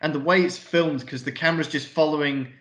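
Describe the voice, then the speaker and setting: A man's voice: a little high, steady tone, fairly quick, fairly bright tone. Enthusiastic man reviewing films in an echoey room. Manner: enthusiastic, swears casually, acts out scenes. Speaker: podcast co-host. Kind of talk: casual film review chat.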